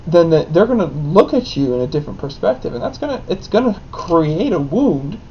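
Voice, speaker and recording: A man's voice: a little high, fairly quick. Chatty young man telling a story. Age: young adult. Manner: animated, laughing, lots of "like". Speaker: podcast co-host, son. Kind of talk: casual storytelling. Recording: dull lo-fi with faint noise.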